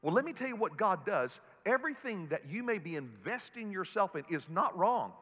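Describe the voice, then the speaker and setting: A man preaching a sermon as pastor, animated and humorous as he tells stories to his congregation. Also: sits high, moderate pace, big-room sound. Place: large auditorium.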